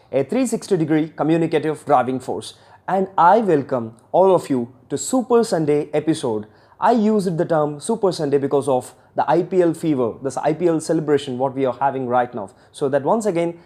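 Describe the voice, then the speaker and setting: A man's voice: on the high side, dark tone. A man from India with an Indian English accent, hosting an educational video on accents in an earnest way and often correcting himself. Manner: earnest, repetitive, self-correcting with "I mean". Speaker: English communication teacher and host.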